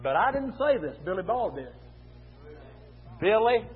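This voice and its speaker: A man preaching a fiery revival sermon in a church, his voice pitched very high for a man. He chants in rhythmic bursts, slips an "uh" between phrases, and shouts his refrains. It all comes through thin and tinny, like a phone line. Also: very animated, unhurried, husky.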